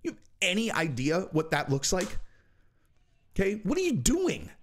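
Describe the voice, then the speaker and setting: A man hosting a commentary video, ranting bluntly and firing off exasperated rhetorical questions, sometimes breaking into shouts. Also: sits high, wildly swooping pitch, moderate pace. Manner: jumps to shouting in outbursts. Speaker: commentary channel host. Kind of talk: animated commentary rant.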